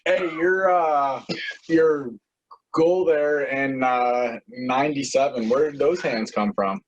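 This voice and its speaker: A man's voice: medium pitch, slow, lo-fi sound. A man hosting a podcast, reacting in a laid-back way with casual swearing. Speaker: podcast host. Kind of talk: casual chat.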